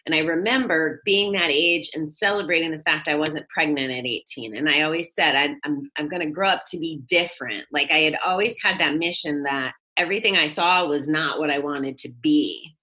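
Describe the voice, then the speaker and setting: A woman's voice: low voice, moderate pace, few pauses, pushed and bright. A woman hosting a podcast, reflecting on her own teenage years and thinking aloud. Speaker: podcast host. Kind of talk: casual interview chat.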